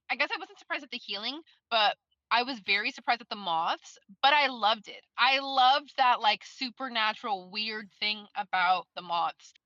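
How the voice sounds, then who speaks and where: A woman's voice: a little high, no echo, dull audio. A woman in casual book club chat, rambling and swearing freely while she drives. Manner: rambling, swears a lot, lively.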